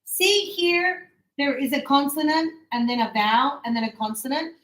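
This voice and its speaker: A woman English teacher giving a classroom grammar lesson, talking slowly and deliberately and stretching out key words. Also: high voice, fairly bright tone. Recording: echoey classroom.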